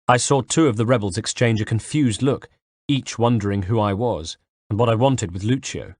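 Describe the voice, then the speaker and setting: Low-voiced man narrating an audiobook. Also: moderate pace, darkish tone, dry recording, studio quality. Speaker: audiobook reader. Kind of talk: first-person audiobook narration.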